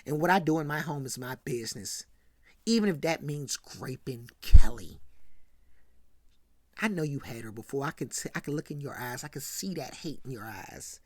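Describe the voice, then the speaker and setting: A woman's voice: lowish voice, sing-song, unhurried, a bit bright, dry recording, voice pushed down, exaggerated voice. A woman voicing a cocky young male actor who defends his partying in a smug, dismissive way. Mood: defensive.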